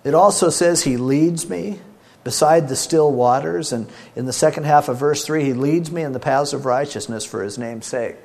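A middle-aged man preaching a sermon, swinging between loud emphasis and soft, soothing asides. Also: fairly high pitch, moderate pace, gravelly. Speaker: pastor.

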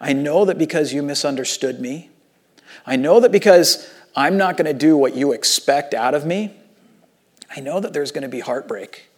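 Picture Jesus, gentle and heartbroken, speaking in a quiet, pleading tone, as a male preacher puts him on. The voice sits a little higher than most men's. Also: expressive, moderate pace, breathy edge. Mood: sorrowful. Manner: hushed and pleading. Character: grieving Jesus, gentle sorrowful man.

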